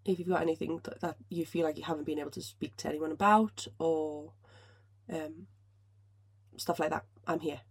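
Give me a woman in casual podcast chat, husky and a bit low, emotional and restarting often. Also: fairly even intonation, normal speed. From Finland. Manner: emotional, swears freely, many restarts. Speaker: podcast host. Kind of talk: casual solo podcast talk.

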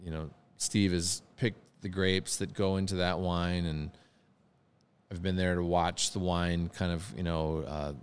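A man's voice: deep voice, flat delivery, measured pace, smooth. A man chatting casually and with enthusiasm, often repeating words as he searches for them. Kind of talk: casual chat.

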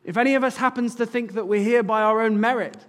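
A man's voice: very high voice, fairly even intonation, fast. A man preaching a sermon as a church pastor, earnest and rising to fervent appeals. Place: church sanctuary. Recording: long hall reverb.

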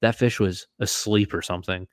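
A man co-hosting a casual podcast, telling a fishing story with lively acted-out quotes. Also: fairly low pitch, moderate pace, no room sound. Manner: animated storyteller, acts out quotes. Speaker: podcast co-host.

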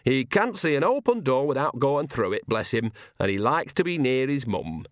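A man's voice: mid-range voice, very animated, moderate pace, no echo, clean studio sound, voice pushed up, natural voice. A man voicing a chatty, earthy old grandmother witch with a homely, blunt way of talking, in a storybook reading. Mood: gossipy. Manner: homely, folksy, cheerfully blunt.

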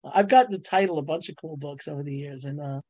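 Bubbly middle-aged woman telling lively stories. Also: sits low, quick pace, dry recording. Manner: bubbly storyteller, laughs often, voice jumps up on punchlines. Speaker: guest, ghostwriter and publisher. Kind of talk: animated casual interview talk.

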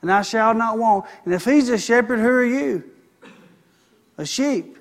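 A man's voice: very high voice, unhurried. A middle-aged man, preaching a sermon and calling out for an amen. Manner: preaching with call-and-response "Amen". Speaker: pastor.

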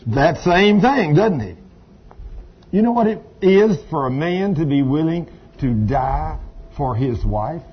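A man's voice: fairly high pitch, animated, takes it slowly, breathy edge. A man preaching a sermon, folksy and storytelling, with asides to the congregation. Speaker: pastor. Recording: dull lo-fi sound with faint ambience.

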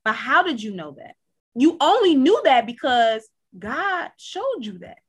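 Husky-voiced woman talking faith. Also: high voice, very animated, a little slow. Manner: reflective, quotes scripture, laughs often. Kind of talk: faith-based casual chat.

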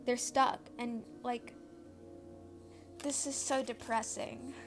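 A woman's voice: on the high side, flat delivery, takes it slowly, music in the background. A teenage girl hosting a casual home podcast, rambling, swearing freely and easily losing her train of thought. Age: teens. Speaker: podcast host.

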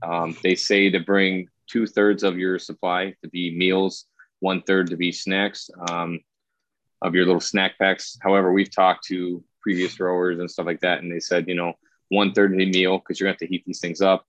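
A man's voice: low voice, normal speed, highs cut off. A man in his thirties, a military veteran, chatting casually on a podcast and acting out his friends' lines as he tells stories. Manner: animated storytelling, acting out quoted friends. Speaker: rowing team member, Air Force veteran.

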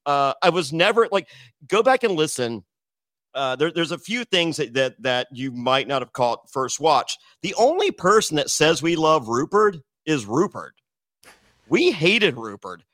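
A man's voice: a little high, big pitch swings, unhurried, fairly bright tone, no room sound. A man guesting on a podcast, telling brash, profane stories with many restarts. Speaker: podcast guest, former reality show contestant. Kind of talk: casual storytelling chat.

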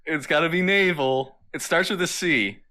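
A man's voice: on the high side, moderate pace, pushed and bright. A man co-hosting a casual comedy podcast, quizzing his partner and laughing easily. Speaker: podcast co-host.

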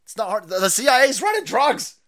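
A man hosting a ranting political livestream, loud and mocking, laughing often and mimicking other people's voices. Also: extremely high pitch, sing-song, fast. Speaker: livestream host.

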